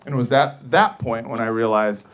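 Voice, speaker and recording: A man's voice: medium pitch, moderate pace, highs cut off. A man telling a profane story in a stand-up comedy set, brash and laughing along as he goes.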